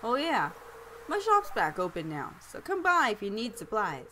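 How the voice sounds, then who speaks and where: A woman reading aloud the lines of a folksy old male fisherman and shopkeeper from a game, in a slightly lowered voice. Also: wildly swooping pitch, moderate pace, sharp tone, slight background noise.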